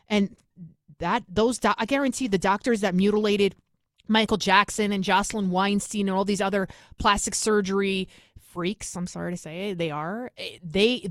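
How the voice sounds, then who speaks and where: Emphatic woman host, dry close sound. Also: no room sound. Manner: emphatic and repetitive, rising in pitch when heated. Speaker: talk show host. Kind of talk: opinionated political commentary.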